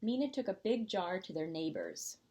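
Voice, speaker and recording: A woman, a preschool teacher, reading a picture book aloud in a gentle storytime voice. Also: mid-range voice, very animated, moderate pace.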